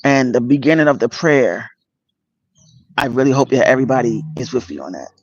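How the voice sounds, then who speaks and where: A man hosting a casual livestream, greeting viewers by name and speaking earnestly and emotionally about his spiritual path, with many pauses and fillers. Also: medium pitch, expressive, husky. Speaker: channel host. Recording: dull lo-fi dry sound.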